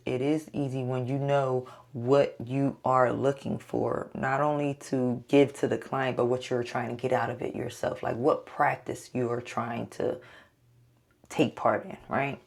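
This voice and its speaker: A woman's voice: extremely low pitch, darkish tone. A photographer talking to her audience in a casual solo vlog, blunt and self-coaching, swearing freely as she pushes herself on. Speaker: photographer and podcaster.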